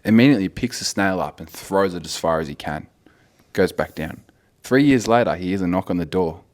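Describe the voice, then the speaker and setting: A man's voice: low-pitched, animated, brisk, darkish tone. A young man co-hosting a podcast, teasing and joking in casual chat. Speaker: podcast co-host.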